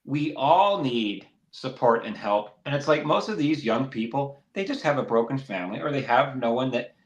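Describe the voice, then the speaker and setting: A man's voice: medium pitch, moderate pace, highs cut off. A man co-hosting a casual faith podcast, talking earnestly and at length, and acting out critics with sudden bursts of energy. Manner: earnest, rambling, animated when mimicking others. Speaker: podcast co-host. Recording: roomy echo.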